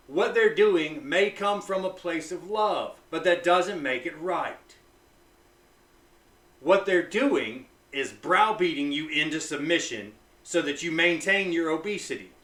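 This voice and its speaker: A blunt, profane man talks straight to camera in a bright, forceful voice. He swings from loud hype to low, intense talk. He stands back from the mic in an echoey room. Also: distant mic. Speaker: vlogger on fasting. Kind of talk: casual motivational talk to camera.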